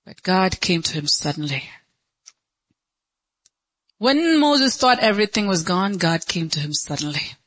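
Impassioned woman pastor with a sermon delivery: bright, dry, and soaring high then dropping low. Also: expressive, unhurried, pauses often, dry recording, rough recording. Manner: impassioned, swinging between high pleading cries and low hushed lines; laughs between lines.

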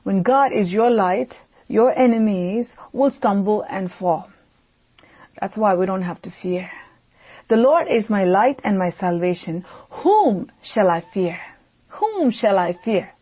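A woman preaching a devotional sermon, slow and emphatic, repeating key phrases for weight. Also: mid-range voice, slightly rough. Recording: dull lo-fi audio.

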